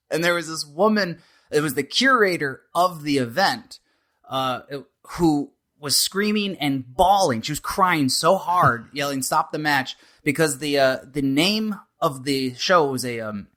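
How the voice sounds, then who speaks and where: A man, a wrestler guest, telling a lively story in casual chat, laughing as he goes. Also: on the high side, unhurried.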